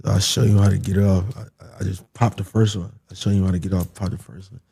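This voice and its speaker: A young man casually telling a story, animated and swearing, acting out the voices of the people in it. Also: sits low, fast, gravelly, slightly rough.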